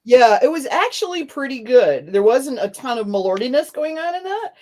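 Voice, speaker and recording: A woman's voice: high voice, very animated, moderate pace, a loud crowd. A woman hosting a podcast, chatting casually in a rambling way and laughing often. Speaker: podcast host. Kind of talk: casual chat.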